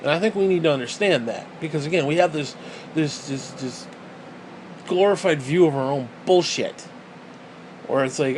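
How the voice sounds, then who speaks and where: Profane, heated man ranting, slightly high. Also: moderate pace, pauses often, a little mellow, slight background noise, low-quality recording. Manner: profane, heated, repeats himself. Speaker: vlogger. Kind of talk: ranting monologue.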